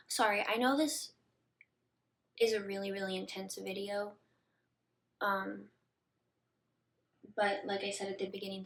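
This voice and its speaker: A young woman telling a personal story to her viewers in a casual, chatty way, full of "like" fillers and dropping into soft murmurs. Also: mid-range voice. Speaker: vlogger.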